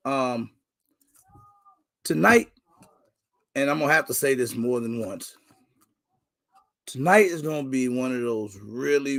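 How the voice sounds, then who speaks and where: A young man chats casually on a live stream, full of slang and easy jokes as he greets people by name. His voice has a gravelly, fry-touched edge at a middling pitch, and he keeps the talk loose and laid-back. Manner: slangy, laid-back, joking, shouts out names. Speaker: livestream host.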